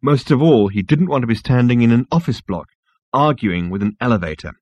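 A man reads a comic story aloud in a wry, expressive manner. His pitch moves lively through each sentence. The recording is dry and a little dull. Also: brisk, no room sound. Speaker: audiobook narrator. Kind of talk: scripted comic narration.

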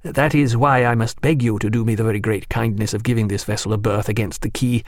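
A man voicing a courteous, formal gentleman who speaks with elaborate politeness, in an audiobook reading. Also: on the low side, steady tone, fast, dry recording, studio quality, natural voice. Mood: polite. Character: courteous male ship's surgeon, gentleman.

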